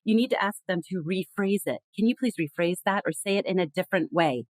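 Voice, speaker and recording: A communication consultant appearing as a podcast guest, this woman has a low, slightly mellow voice and speaks fairly quickly. She explains earnestly in a conversational interview, performing example phrases along the way. Dry recording.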